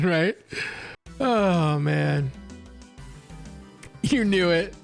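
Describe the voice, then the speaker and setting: A young man streaming live, telling an animated, profane story and reading chat. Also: high voice, very slow, gravelly, long pauses, soft background music. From United States. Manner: animated and profane, acts out heated exchanges.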